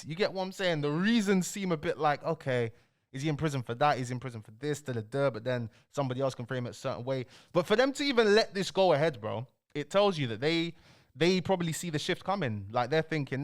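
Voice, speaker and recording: A young man hosts a casual commentary rant, animated and slangy as he presses his points. His voice sits a little above the usual male range. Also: a little high, fast talker. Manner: animated, ranting, fills lines with "bro" and "bruv". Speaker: commentary channel host. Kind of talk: casual political rant to camera.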